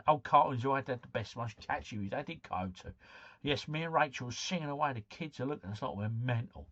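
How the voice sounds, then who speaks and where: A man's voice: medium pitch, fairly quick, sharp tone, no echo. A middle-aged man hosting a live stream, chatting matily with viewers and reading out their comments. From United Kingdom. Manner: chatty, matey, reads and answers chat comments. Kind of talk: casual live-stream chat. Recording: dull lo-fi stream mic.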